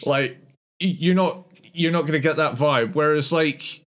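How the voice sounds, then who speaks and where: A man's voice: a little high, normal speed, a bit bright. A man co-hosting a podcast in casual chat, laughing often and explaining his ideas at length. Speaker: podcast co-host.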